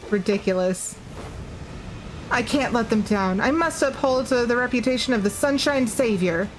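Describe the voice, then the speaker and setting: A woman's voice: a little high, expressive, moderate pace, soft background music, close to an everyday voice. A woman voicing a bombastic, self-important game hero, with grandiose declarations. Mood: defiant.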